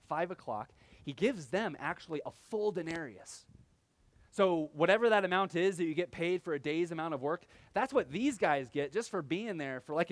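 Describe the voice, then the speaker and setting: Man preaching a lively, conversational sermon. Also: a little high. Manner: conversational preaching with animated acted-out quotes. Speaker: pastor.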